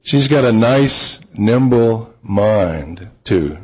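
Low-voiced man telling a relaxed story. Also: husky. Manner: relaxed, unhurried, with frequent ums. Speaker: author. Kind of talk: storytelling talk.

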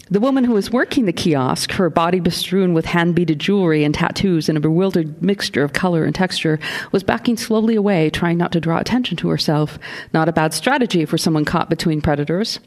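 Author doing a live reading, easygoing asides, lower-pitched woman. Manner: relaxed, self-deprecating asides. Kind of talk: reading aloud then audience Q&A.

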